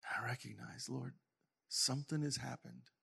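A middle-aged male pastor preaching a sermon earnestly to his congregation, sometimes falling to a soft whisper. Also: mid-range voice, fairly even intonation, normal speed, gravelly, breathy edge. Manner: earnest, drops to soft whispers when quoting God.

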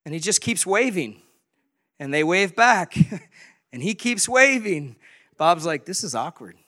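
Man, storyteller, high-pitched, animated, chuckling. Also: slow. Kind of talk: storytelling to an audience.

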